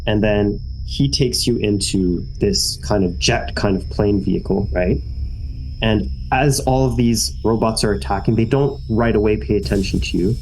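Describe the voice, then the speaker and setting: A man's voice: on the low side, darkish tone, low-quality recording. A man narrating a tabletop game as game master, telling the story with energy and many fillers.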